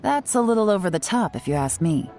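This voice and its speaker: A woman voicing a calm, shrewd young female traveler in video game dialogue, measured and politely formal. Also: mid-range voice, soft background music, natural voice. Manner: measured, playfully formal when flattering.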